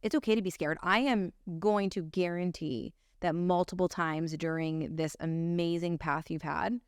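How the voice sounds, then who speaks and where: Podcast host lady, lowish smooth voice, emphatic and chatty, dry sound. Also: steady tone, moderate pace, no room sound. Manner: emphatic, agreeing, occasional swearing. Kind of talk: casual podcast conversation.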